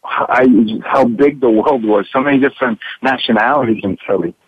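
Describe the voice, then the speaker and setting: An actor being interviewed by phone from his room, talking haltingly with many restarts and repeated words. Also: mid-range voice, husky, dry recording. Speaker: actor guest. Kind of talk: candid interview over the phone. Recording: tinny dry phone line.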